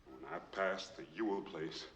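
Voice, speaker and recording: Quiet humble witness in an old movie, lowish voice, echoey hall reverb. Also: male voice, animated, normal speed, creaky, full character voice. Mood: earnest. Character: humble, soft-spoken young man testifying on the stand. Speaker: witness in a courtroom film scene. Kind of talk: film drama testimony. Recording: long hall reverb, old film clip.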